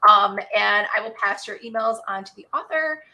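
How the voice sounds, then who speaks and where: A woman hosting an online book club chat, talking casually and quickly, laughing often. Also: mid-range voice, bright, forceful tone.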